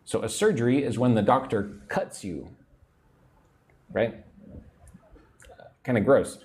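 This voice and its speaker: A man teaching an English lesson on a livestream, chatting, reading out viewer comments, and drilling words slowly. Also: mid-range voice, a little mellow. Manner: chatty, reads viewer comments aloud, slow drilled pronunciation.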